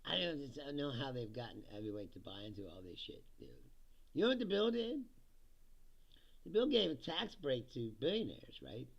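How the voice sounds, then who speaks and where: A man's voice: on the high side, creaky, bright, forceful tone. A man hosting a livestream, giving a casual, profane political rant with sarcastic asides and chuckles at his own jokes.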